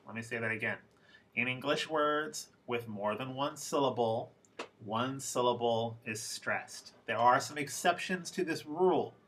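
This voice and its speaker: Man, young adult, English teacher, bright clear tone, slow careful delivery, repeats each example word. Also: mid-range voice. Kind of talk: recorded lesson for a class.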